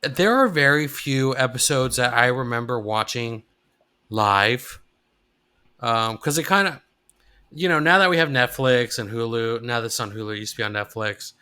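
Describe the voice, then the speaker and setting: A man co-hosting a podcast, chatting in a relaxed, reminiscing way. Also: mid-range voice, normal speed, smooth. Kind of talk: casual chat.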